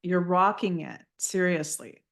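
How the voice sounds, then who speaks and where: A woman giving a live channeled spiritual reading, gentle and affirming, often repeating phrases as she passes messages on. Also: lowish voice, unhurried.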